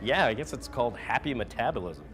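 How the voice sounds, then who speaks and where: A man's voice: mid-range voice, expressive, fast talker, over music. A man acting in a comedy sketch, talking in a sheepish, awkward way. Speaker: sketch actor.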